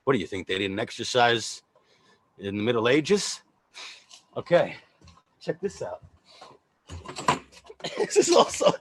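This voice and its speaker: A man's voice: medium pitch, fairly bright tone, slightly rough, dry recording. A man hosting a casual livestream chat, joking, laughing often and rambling with fillers over a video call. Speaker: host.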